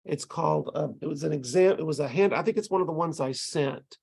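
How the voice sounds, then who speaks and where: A man's voice: a little high, a little fast, creaky, a little mellow, slightly rough. A man teaching language tutors in an online lecture, explaining step by step and tapping out rhythms with syllables, heard over a video call. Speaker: ESL instructor training tutors.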